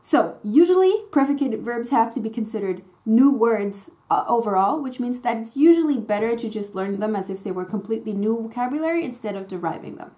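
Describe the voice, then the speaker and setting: Lebhafte Lehrerin mit hellerer Stimme. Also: female voice, fairly high pitch, brisk, hardly any pauses. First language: German. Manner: lively, chatty and self-joking, stresses example words. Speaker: German language teacher. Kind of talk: casual explanatory lesson.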